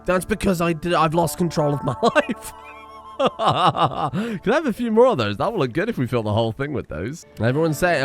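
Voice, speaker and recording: A man gives casual game commentary, rambling and poking fun at himself between bursts of swearing. His mid-pitched voice swings up and down animatedly. Faint music plays in the background. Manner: rambling, self-mocking, frequently swearing. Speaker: gaming streamer.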